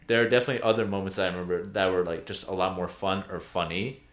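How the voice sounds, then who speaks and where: A young man co-hosts a casual podcast, his voice sitting on the low side. He rambles through his stories with lots of fillers. The sound has a roomy echo. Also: steady tone, fast, a bit bright. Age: young adult. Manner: rambling, filler-heavy storytelling with bursts of laughter. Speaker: podcast co-host. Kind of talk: casual chat.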